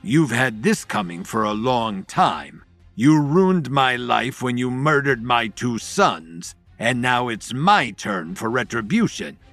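A man voicing a vengeful woman villain who speaks slowly and menacingly. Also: sing-song, a bit bright, no room sound, faint music behind, heavily acted. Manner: slow, low and menacing. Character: vengeful scheming woman villain, cold and bitter.

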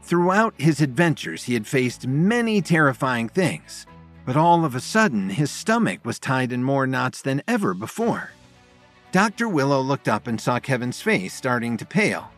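Expressive male storyteller, lively pitch. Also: normal speed, faint music behind. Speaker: narrator. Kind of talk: scripted story narration.

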